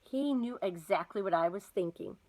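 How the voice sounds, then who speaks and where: A woman reading a children's novel aloud, with lively, expressive storytelling. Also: medium pitch, normal speed, poor audio. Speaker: storybook reader.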